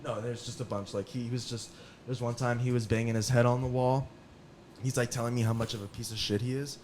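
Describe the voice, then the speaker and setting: A man recounts stories in a loose, conversational way, his voice sitting at an ordinary middle pitch. He gets animated, laughs often and slips into other people's voices as he tells them. A faint hum of noise sits behind him. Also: quick pace. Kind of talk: casual storytelling.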